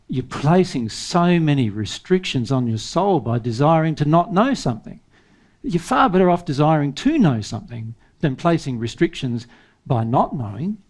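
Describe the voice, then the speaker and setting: A man with a somewhat high speaking voice leads a spiritual seminar. He talks emphatically, pressing his listeners with rhetorical questions and breaking into short chuckles. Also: a little mellow. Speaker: spiritual teacher. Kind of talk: seminar talk.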